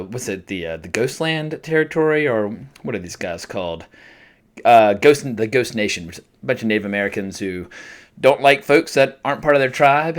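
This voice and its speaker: A man casually reviewing a TV episode, chatty and self-deprecating, with frequent fillers and restarts. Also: medium pitch. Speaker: TV review vlogger.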